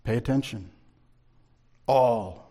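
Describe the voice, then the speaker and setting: Measured, emphatic male Bible teacher. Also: mid-range voice, warm tone. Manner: measured, emphatic, reads scripture aloud. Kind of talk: sermon-style Bible teaching.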